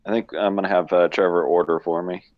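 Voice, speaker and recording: A man's voice: sits low, fairly even intonation, fast talker. A man on a travel podcast asking questions hesitantly, with many fillers and giggles. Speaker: podcast co-host. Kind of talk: casual chat. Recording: dull lo-fi mic.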